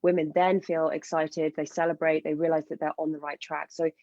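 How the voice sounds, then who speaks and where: A woman speaks with passion as a fertility coach on a podcast. Her voice is warm and mellow, and the sound is dry and close. The recording is a little dull and lo-fi. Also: sits low, level tone, a little fast, no room sound. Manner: passionate, enthusiastic explaining. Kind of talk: podcast interview.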